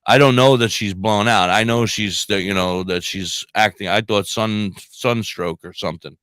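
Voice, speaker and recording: Casting: deep-ish middle-aged male radio host, rambling animated storyteller, dry close mic. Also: normal speed, smooth, dry recording. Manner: rambling, animated anecdotes with laughs. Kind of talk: casual storytelling chat.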